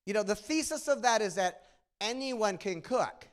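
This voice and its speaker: A middle-aged man with a nasal Midwestern accent gives an animated conference talk, telling stories and asking the audience questions. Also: high voice, normal speed. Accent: Midwestern American. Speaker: conference presenter. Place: conference room.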